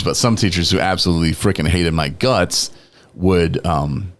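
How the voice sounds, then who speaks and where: A man's voice: sits low, moderate pace. A man on a recovery talk show, telling rambling stories in a casual, laughing chat and acting out other people's lines. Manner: rambling, laughing, quotes people in lively voices. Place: podcast studio.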